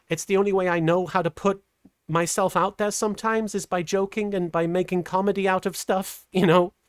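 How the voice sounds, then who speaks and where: Earnest, halting middle-aged woman streamer. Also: fairly low pitch, dry recording, clean studio sound. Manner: earnest, halting with many restarts; voice softened toward a feminine sound. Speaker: streamer reading super chats. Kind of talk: casual livestream chat.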